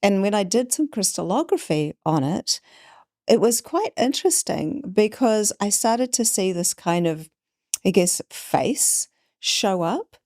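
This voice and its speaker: A woman's voice: mid-range voice, unhurried, dry recording, clean studio sound. A woman, a podcast guest telling a story in conversation and acting out the people she quotes. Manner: animated, acts out quoted voices.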